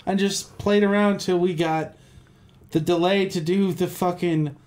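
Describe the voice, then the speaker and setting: A man chatting casually and excitedly about playing with guitar pedals, swearing now and then. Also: high voice, a little slow. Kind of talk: casual chat.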